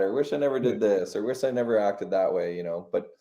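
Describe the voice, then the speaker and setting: A man in his thirties from the United States, a musician guest, talking in a relaxed, reflective way and laughing easily. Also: fairly low pitch, fast. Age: 30s. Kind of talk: casual chat.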